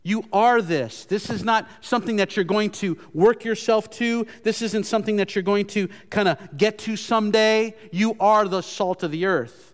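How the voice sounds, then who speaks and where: A pastor delivering an earnest sermon in a fairly high voice, repeating key phrases for emphasis. His words trail off into a long reverb, as in a church sanctuary. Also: normal speed, hardly any pauses. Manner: earnest, repetitive restarts, emphatic.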